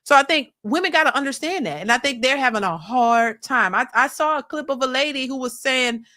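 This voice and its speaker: A woman's voice: high-pitched, lively intonation, a little fast, bright, forceful tone. A woman host giving a blunt, opinionated commentary monologue to her viewers, full of casual slang and repeated points. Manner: blunt, preachy, addresses viewers as y'all. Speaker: reaction channel host.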